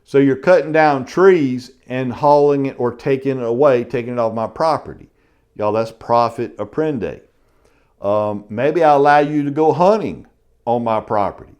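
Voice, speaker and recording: A man's voice: medium pitch, normal speed, darkish tone, smooth. Middle-aged man, folksy instructor, casual and chatty, mid-range voice. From South Carolina. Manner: folksy, keeps saying "y'all". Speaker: real estate instructor. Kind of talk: casual classroom lecture.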